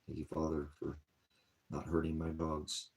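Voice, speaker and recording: A man's voice: extremely low pitch, completely flat delivery, moderate pace, darkish tone. A man hosting an online ministry, talking wearily and rambling about his troubles in a casual vlog. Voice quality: gravelly, husky. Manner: weary, sighing, drifts between topics. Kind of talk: rambling personal vlog talk.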